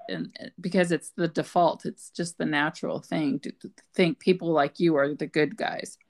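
A woman's voice: low voice, fairly even intonation, normal speed, darkish tone. A woman co-hosting a podcast, talking in a friendly, chatty way and laughing along. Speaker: podcast co-host. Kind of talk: casual chat.

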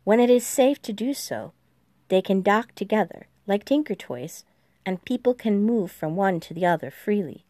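A woman's voice: medium pitch, lively intonation, normal speed, dark tone, no echo, studio quality, lightly acted. A woman voicing a composed female US president who speaks with careful, precise enunciation in an audiobook. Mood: formal, briefing. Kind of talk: audiobook dialogue.

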